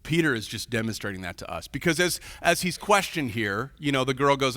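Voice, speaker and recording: A man's voice: mid-range voice, expressive, a little fast, few pauses, a bit bright, dry recording, long reverb tail. A man preaching a sermon as pastor, telling the story with animation and acting out the quoted voices. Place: large church hall.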